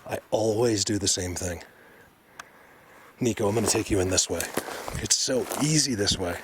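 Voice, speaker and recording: A low-voiced man talks to his viewers while exploring the woods, keeping his voice hushed and then bursting into excited remarks. He often slips into a whisper, and the outdoor recording carries clear background noise. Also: normal speed. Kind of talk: casual narration to camera.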